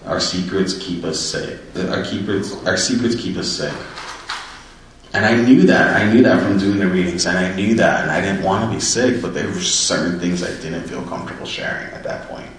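A man's voice: low voice, normal speed, slight background noise. A man earnestly and reflectively telling his personal story of recovery. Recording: very echoey room, distant mic.

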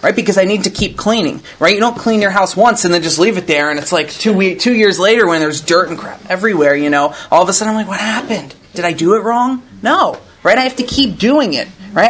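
A man's voice: sits high, a bit bright. Earnest man tagging lines with "right?". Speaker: recovery meeting speaker. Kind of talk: reading aloud and commenting to a group.

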